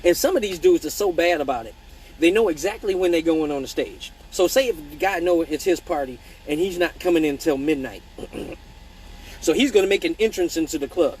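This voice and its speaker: A man's voice: fairly high pitch, a little fast, slight background noise, poor audio. A man hosting a casual live-stream Q&A as an exotic dancer, talking bluntly and swearing freely while telling stories and answering viewer comments. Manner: blunt, profane, animated storytelling; reads viewer comments aloud.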